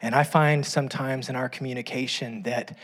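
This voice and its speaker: A man's voice: mid-range voice, fairly even intonation, normal speed, fairly bright tone. A middle-aged man preaching a sermon in a conversational way, with frequent asides to the congregation and self-deprecating humor. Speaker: pastor.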